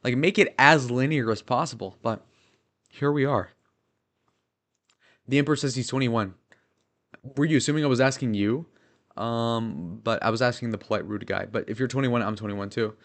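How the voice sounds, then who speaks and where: A man's voice: medium pitch, normal speed, long pauses, fairly bright tone. Rambling young male livestreamer. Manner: rambling, filler-heavy, profane. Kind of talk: casual livestream chat.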